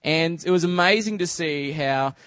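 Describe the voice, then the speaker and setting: An Australian man speaking to a church in a loose, conversational way, his sentences full of "just" and "you know". His voice sits a little higher than most men's, and the sound is close and dry, with almost no room echo. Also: normal speed, a bit bright. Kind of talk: casual storytelling sermon.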